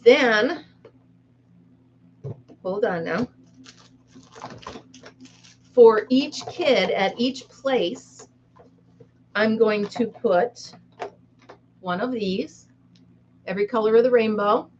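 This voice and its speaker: A woman hosts a relaxed live chat from a room at home. She talks in a chatty, giggly way and pokes fun at herself. The recording is a little dull and lo-fi, with a faint hiss underneath. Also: fairly high pitch, very slow, pauses often. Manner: giggly, chatty, self-mocking. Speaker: live-stream host. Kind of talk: casual live chat with viewers.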